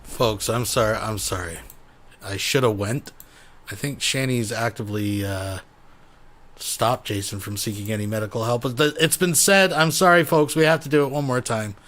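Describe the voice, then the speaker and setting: A man hosting a livestream commentary show who announces in a loud, mock-dramatic way. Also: medium pitch, normal speed. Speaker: host.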